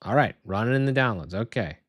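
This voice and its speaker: A young man livestreams while setting up software, cursing and muttering in frustration as he talks to himself and his viewers. His medium-pitched voice is animated and fast, captured as clean studio sound with no echo.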